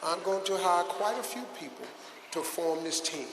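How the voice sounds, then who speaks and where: An older man giving a comedic motivational speech to a live audience, animated, acting out quotes and swinging between shouts and hushed asides. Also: sits high, normal speed, background noise. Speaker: guest speaker at a youth event. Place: large hall with a live audience. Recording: echoey hall with long reverb.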